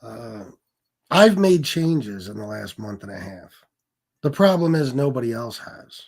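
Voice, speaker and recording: A man's voice: medium pitch, big pitch swings, measured pace, gravelly, a little mellow. A man hosting a casual livestream, talking bluntly with lots of cursing, repeating himself and restarting sentences as he reads chat comments. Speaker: livestream host.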